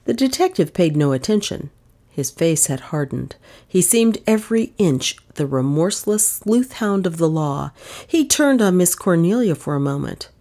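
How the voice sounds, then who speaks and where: A woman reading a novel aloud as an audiobook narrator, with expressive storytelling. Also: on the low side, normal speed. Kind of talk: scripted narration.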